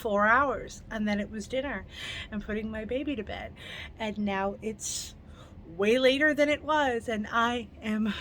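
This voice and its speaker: A fairly high-voiced young woman talks through a book review at home late in the evening, chatty and eager though plainly tired. A faint hiss of room noise sits under her voice. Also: unhurried, fairly bright tone. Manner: chatty, enthusiastic, laughs often. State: tired, yawning. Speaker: book reviewer, channel host. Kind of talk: casual book review vlog.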